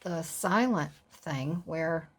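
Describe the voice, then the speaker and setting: A woman's voice: sits low, slow pace, a little hiss or hum. A middle-aged woman hosting a casual crafting tutorial, chatting in rambling, self-amused asides as she works. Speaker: craft video host.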